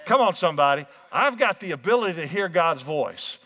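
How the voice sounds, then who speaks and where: A man preaching a sermon as pastor, energetic, calling out to the congregation in a church hall. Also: fairly high pitch, fairly quick. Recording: muffled, hall reverb.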